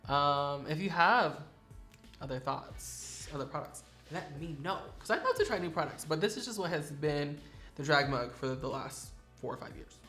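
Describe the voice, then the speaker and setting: A man's voice: a little high, expressive, normal speed, pushed and bright, soft background music. A man who performs in drag, chatting sassily and playfully about favorite makeup products in a studio vlog. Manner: sassy, chatty, playfully dramatic.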